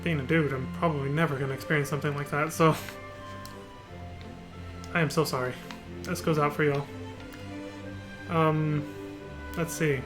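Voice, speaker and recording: Cursing, high-voiced male streamer. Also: fairly even intonation, normal speed, pauses often, music in the background. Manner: casual, profane, laughs often. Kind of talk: live game-stream commentary.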